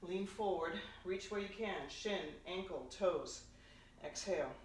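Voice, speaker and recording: A woman's voice: lowish voice, measured pace. A woman fitness instructor leading a home workout, giving upbeat cues and counting down reps, out of breath at times. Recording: roomy, distant, noisy home recording.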